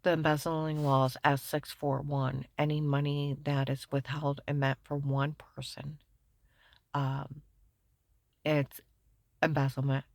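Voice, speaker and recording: A woman delivers a rambling, agitated monologue about her troubles and keeps listing laws. Her low voice has a gravelly edge and a bright, cutting tone. The recording is close and dry, with no room sound. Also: little pitch movement, dry recording. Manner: rapid, rambling, shifts between hushed and loud; recites laws and legal terms. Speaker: speaker recounting her own ordeal.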